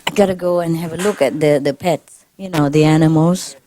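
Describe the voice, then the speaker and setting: A woman spiritual teacher speaking informally to her followers, laughing often and repeating warm phrases. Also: deep voice, steady tone, a little fast, noisy background. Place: gathering with a live audience.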